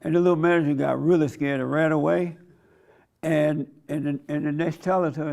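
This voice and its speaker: A man's voice: fairly high pitch, normal speed, vocal fry. A man preaching an informal sermon, blunt and conversational, with a folksy way of telling stories. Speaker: preacher and host.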